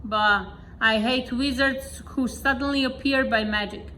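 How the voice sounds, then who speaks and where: A grumpy, scornful storybook man voiced by a woman who groans and grumbles at everything. He speaks slowly in a slightly raised voice, with faint noise in the background. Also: a little high, fairly even intonation, pushed and bright. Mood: grumbling. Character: grumpy complaining man turned pig.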